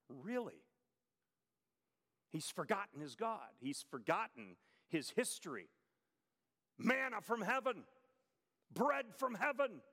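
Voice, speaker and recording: A high-pitched man preaching a sermon, telling the story with emphatic pacing and pointed rhetorical questions. His voice rings out with a long reverb, as from a large hall. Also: animated, measured pace, long pauses, bright, forceful tone.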